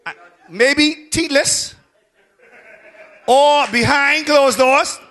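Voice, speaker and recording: A pastor delivers his sermon in a strikingly high voice with a sharp, bright edge. He shouts his big points, then sinks to quiet, low asides. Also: extremely slow. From Bahamas.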